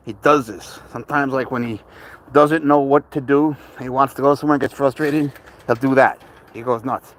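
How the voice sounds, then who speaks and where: A man with a medium-pitched voice talks a little fast as he walks his cat outdoors near a cemetery. This pet vlogger chats casually to the camera and speaks to the cat like a friend.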